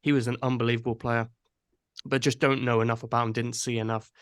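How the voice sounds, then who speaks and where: Relaxed man hosting a podcast. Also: medium pitch, fast talker, smooth, dry recording, clean studio sound. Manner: easygoing, thinks aloud with restarts. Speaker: podcast host. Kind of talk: casual football podcast chat.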